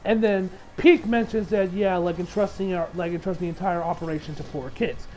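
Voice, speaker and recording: A man's voice: high voice, fairly even intonation, brisk, a little mellow, a little hiss or hum, low-quality recording. A man recapping an anime episode as a reviewer, in a loose, rambling way that swears freely and acts out the lines of the characters.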